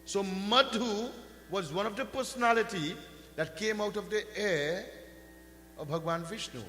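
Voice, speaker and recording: A man giving a religious discourse, telling a sacred story with slow, swelling emphasis and chanting mantras now and then. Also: high voice, bright, forceful tone, soft background music. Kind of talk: sermon storytelling. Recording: echoey hall with faint hum.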